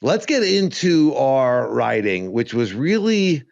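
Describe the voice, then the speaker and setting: A man's voice: mid-range voice, sing-song, takes it slowly, gravelly, darkish tone. A man chats casually on a podcast, rambling from one thought to the next and breaking into laughter at his own jokes. The recording is muffled and lo-fi, with a dead, dry sound and no room echo. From Arizona. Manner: rambling, joking, laughs often. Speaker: podcast co-host. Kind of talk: casual chat.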